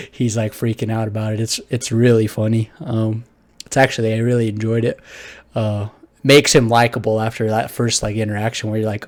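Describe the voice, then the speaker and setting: A man's voice: medium pitch, flat delivery, fairly quick. A man giving a casual, rambling anime episode review, full of fillers and offhand swearing.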